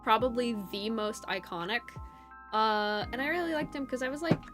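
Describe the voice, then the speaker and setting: Animated young woman streamer, higher voice. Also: moderate pace. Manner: animated, laughing, swings between loud bursts and mumbled asides. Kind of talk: casual storytelling to chat. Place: home streaming setup. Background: faint background music.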